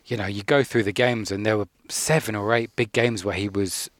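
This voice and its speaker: Measured man, low voice. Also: steady tone, dry recording. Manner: thoughtful, measured storytelling. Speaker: podcast pundit. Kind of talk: casual sports chat.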